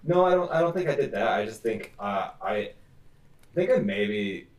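A man's voice: fairly low pitch, big pitch swings, moderate pace, darkish tone, distant mic. A man hosting a podcast, chatting casually and hesitantly, with many fillers. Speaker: podcast host. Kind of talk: casual chat. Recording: echoey, off-mic.

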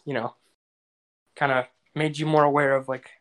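A man's voice: medium pitch, level tone, moderate pace, a bit bright. A young man co-hosting a casual podcast chat, rambling and filling his talk with many likes and restarts. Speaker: podcast co-host.

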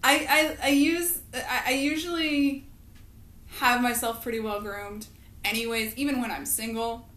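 A woman's voice: fairly high pitch, fairly even intonation, unhurried, fairly bright tone. A young woman co-hosting a podcast in casual chat, playful and crude, slipping into silly voices. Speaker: podcast co-host. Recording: echoey room.

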